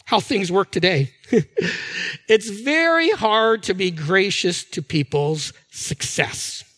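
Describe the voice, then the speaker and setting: Bright high-voiced male preacher. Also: takes it slowly. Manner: animated, acts out quoted voices, restarts words. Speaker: pastor. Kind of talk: sermon. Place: church hall with a screen.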